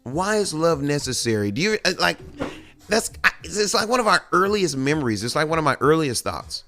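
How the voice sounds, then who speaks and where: A man's voice: on the high side, very animated, a little fast, fairly bright tone, soft background music. A man and father, hosting a podcast, talking in a candid, profane, rambling monologue with many restarts. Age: adult with children. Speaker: podcast host.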